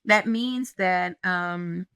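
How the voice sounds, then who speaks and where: A woman pastor in an interview, telling stories in an animated way and acting out the dialogue she quotes. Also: on the low side, drawn-out words, clean tone, no room sound. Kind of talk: conversational interview storytelling.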